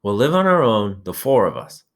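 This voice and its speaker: A man reading a novel aloud and voicing an anxious, fussy schoolboy with glasses in a high, shrill, pleading voice. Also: big pitch swings, moderate pace. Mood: stubborn, eager.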